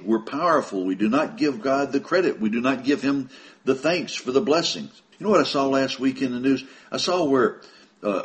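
Preacher reading scripture with fervor. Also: male voice, medium pitch. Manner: reads scripture aloud with rising emphasis, calls listeners brethren. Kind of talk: sermon.

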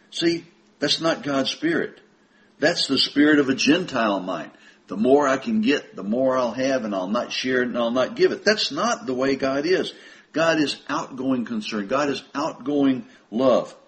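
Slow, deliberate male preacher. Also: medium pitch, low-quality recording. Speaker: minister. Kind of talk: sermon.

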